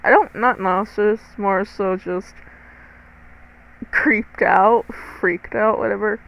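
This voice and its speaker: A teenage girl tells a personal story to her viewers at an unhurried pace. She talks casually and dramatically, with frequent asides and free swearing, at a medium pitch. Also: steady tone, vocal fry, fairly bright tone, low-quality recording. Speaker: storytime vlogger.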